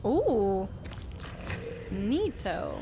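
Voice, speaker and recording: A woman thinks aloud while streaming a game, chatting casually with her viewers. She is excitable and quick to jump in pitch when something surprises her. Her voice sits at a middle pitch, with faint noise in the background. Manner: excitable, thinks aloud, frequent gasps and laughs. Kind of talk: casual gameplay commentary.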